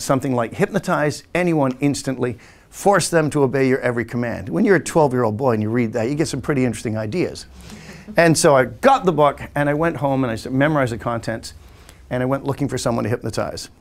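A man's voice: mid-range voice, fast talker. A man in his sixties from England, hosting a podcast and telling rambling stories about his childhood in a casual way while acting out family voices. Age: 60s. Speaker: podcast host and hypnotist. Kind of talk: casual storytelling.

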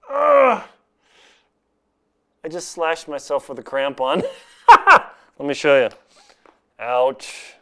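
A man's voice: fairly high pitch, lively intonation, takes it slowly, long pauses, sharp tone. A man chatting casually in an unboxing vlog from home, joking and laughing at himself as he reviews gear. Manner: chatty, self-mocking, jokes and laughs at himself.

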